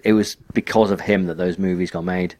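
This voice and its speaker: A man's voice: low voice, fairly even intonation, brisk, a little mellow. A man co-hosting a podcast in casual chat, rambling and restarting his sentences. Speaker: podcast co-host.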